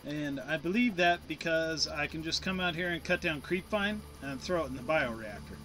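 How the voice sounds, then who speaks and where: A man's voice: on the high side, moderate pace, sharp tone, a little hiss or hum. A man giving casual, playful commentary while he plays a game, chatting to himself as he goes. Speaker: gameplay commentator. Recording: game music playing behind.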